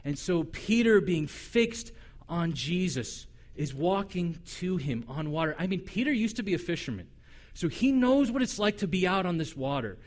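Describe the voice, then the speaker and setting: A man pastor delivering a sermon, telling the story in an animated, conversational way. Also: high voice, normal speed.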